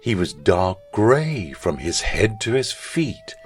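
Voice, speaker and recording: A man, a school chaplain, narrating a children's story in an expressive storytelling manner. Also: sits low, slow, soft background music.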